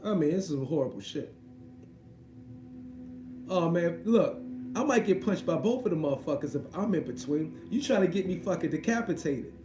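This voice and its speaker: A man ranting casually and profanely, rambling in an animated way about a production he disliked. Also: a little high, normal speed, over music. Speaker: commentator. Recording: echoey room with faint noise.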